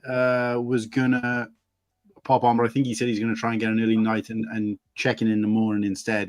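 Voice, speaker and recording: A man's voice: fairly low pitch, dry recording. A man hosting a casual community stream, chatty and rambling through anecdotes. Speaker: stream host.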